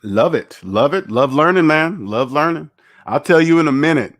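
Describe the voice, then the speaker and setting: A man's voice: a little high, lively intonation, moderate pace, no room sound, clean studio sound. A man hosting a finance livestream, rambling and candid as he reads the chat aloud and chats casually.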